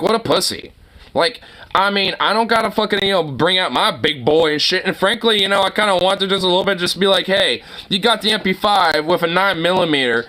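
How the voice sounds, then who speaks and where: Man, reaction commentator, high-pitched, keeps swearing and bursting into outraged shouts. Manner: excitable, swears constantly, breaks into outraged shouts. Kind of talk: profane rambling reaction commentary.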